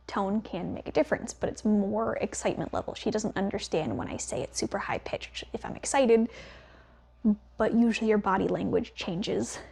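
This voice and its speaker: A young woman, a dog trainer, explaining as she works a dog, talking slowly and steadily and praising quietly, sometimes in a whisper. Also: mid-range voice, gravelly, husky.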